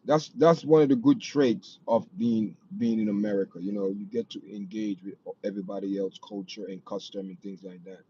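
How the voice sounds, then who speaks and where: A man's voice: fairly low pitch, steady tone, a little fast, hardly any pauses, mellow. A man with a Jamaican accent, hosting a casual livestream and chatting with viewers in a rambling way, repeating himself and often saying "you know what I mean". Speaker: livestream host. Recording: dull lo-fi stream audio with faint noise.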